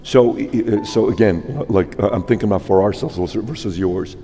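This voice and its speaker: A male podcast host asking long, rambling questions with halting restarts. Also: fairly low pitch, warm tone. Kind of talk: interview questions. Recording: reverberant room with background music.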